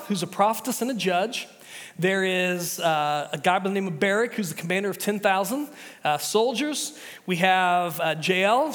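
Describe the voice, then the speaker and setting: A man's voice: sits high, fairly bright tone, long reverb tail. A man preaching a sermon as pastor, chatty and casual, often restarting his sentences.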